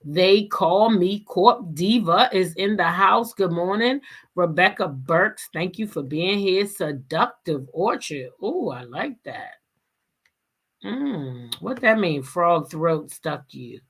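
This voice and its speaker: A woman's voice: fairly low pitch, expressive, slightly rough. Chatty woman hosting a livestream. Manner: chatty, laughs often, drawn-out greetings. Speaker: channel host. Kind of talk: casual livestream chat greeting viewers.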